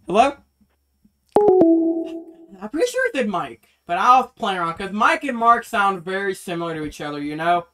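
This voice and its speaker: A prank caller, mocking call center agents on speakerphone with bursts of excited yelling. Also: medium pitch, moderate pace, long pauses, faint music behind.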